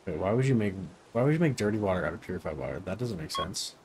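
A man's voice: low voice, expressive, fast, darkish tone, slight background noise. A man casually commenting while playing a video game, rambling, swearing and self-deprecating. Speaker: let's play host.

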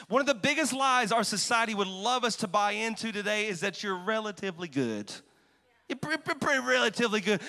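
Brief: pastor, man, high voice, fervent sermon delivery, echoing sanctuary. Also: expressive, normal speed. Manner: passionate, swings from quiet to shouting. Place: large church hall. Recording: long hall reverb.

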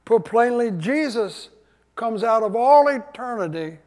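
A man's voice: very high-pitched, animated, a little slow, darkish tone. A pastor, an older man, preaching a sermon with emphatic delivery and call-and-response with his congregation. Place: church sanctuary. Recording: long church hall reverb.

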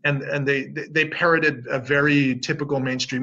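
Interview guest: middle-aged man from Canada, bright and slightly husky, animated storyteller acting out both sides of conversations, dull lo-fi audio. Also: fairly high pitch, fairly quick, hardly any pauses. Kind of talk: casual interview talk.

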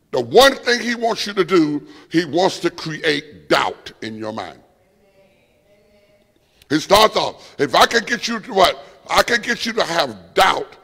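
A man's voice: on the high side, creaky, a bit bright. A man preaching a Bible study sermon, calling on the room to answer and fill in words. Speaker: pastor. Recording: long church reverb.

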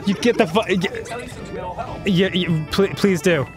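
A man's voice: high-pitched, slow. Cursing man raging at a game. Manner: raging, cursing, laughing in frustration. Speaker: let's play co-host. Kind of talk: gaming commentary. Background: music.

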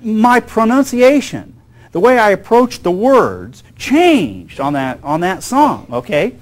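A man's voice: high-pitched, big pitch swings, slow pace. A man giving a music lecture to an audience, rambling and often checking in with the listeners. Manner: rambling, keeps checking in with "okay?" and "you know".

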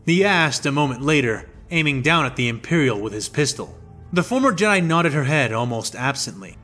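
A man narrating a fan fiction story in a steady, descriptive reading. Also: mid-range voice, normal speed, soft background music.

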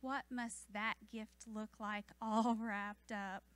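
A woman preaching a sermon in church, fervent and building to emphatic declarations, then softening into gentle storytelling. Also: mid-range voice, little pitch movement, takes it slowly, clean tone, dry recording. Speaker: church speaker.

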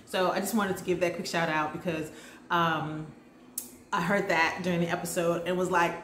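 A woman vlogger recapping a TV episode in a chatty, enthusiastic way with lively slang. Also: lowish voice, normal speed, noisy background. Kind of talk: casual chat. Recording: roomy echo.

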